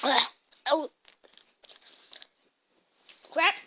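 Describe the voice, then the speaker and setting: A woman giving casual gameplay commentary in an excitable way, blurting out mild swears as she plays. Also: sits high, very slow, heavy background noise. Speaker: gaming channel host. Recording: loud game music over the voice.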